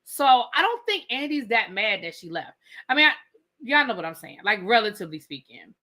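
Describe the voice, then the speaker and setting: A woman's voice: a little high, sing-song, a little fast, pushed and bright. A woman hosting a live rant-and-review of a reality show, talking emphatically, repeating her points and swearing freely.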